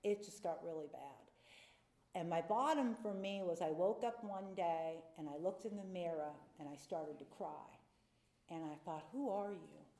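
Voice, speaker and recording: Dark-voiced woman at a podium. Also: on the low side, normal speed, roomy sound. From North Carolina. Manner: candid and confessional, acting out voices from her story. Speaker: AA speaker. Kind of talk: personal recovery talk from a podium.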